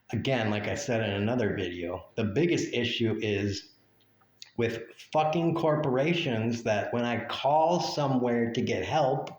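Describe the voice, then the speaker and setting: A man ranting in a vlog, blunt, profane and sarcastic. He talks at an unhurried pace with a mid-range voice. The room around him adds a clear echo. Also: medium pitch. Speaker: vlogger. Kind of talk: ranting monologue.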